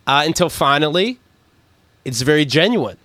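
Blunt, animated man hosting casual chat. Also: on the high side, moderate pace, no room sound. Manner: blunt, joking, puts on voices when quoting. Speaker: podcast co-host. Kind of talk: casual crude comedic chat.

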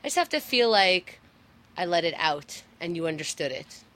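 A woman's voice: lowish voice, sing-song, fairly bright tone. Blunt, sarcastic woman co-host. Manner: blunt, sarcastic, quick to argue. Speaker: podcast co-host. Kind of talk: casual crude banter.

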